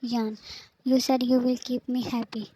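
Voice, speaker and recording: A woman reading the lines of a frightened young girlfriend in a fanfic story, in a flat, even way. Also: fairly high pitch, a little slow, breathy edge, low-quality recording. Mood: pleading.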